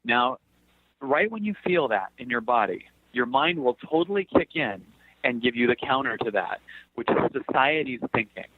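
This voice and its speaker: A man's voice: mid-range voice, normal speed, breathy edge, no echo, narrow, tinny audio. A man speaking as a guest on a talk show, explaining ideas with jokes and acted-out inner voices. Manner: animated, jokey, acts out inner voices. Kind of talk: motivational talk.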